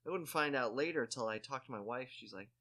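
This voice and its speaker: A man with a bright, forceful voice tells an awkward story in a relaxed chat. He rambles and restarts his sentences, stuffs them with "like", and makes fun of himself as he goes. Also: mid-range voice, brisk. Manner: rambling, full of "like" and restarts, self-mocking. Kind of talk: casual chat, telling a story.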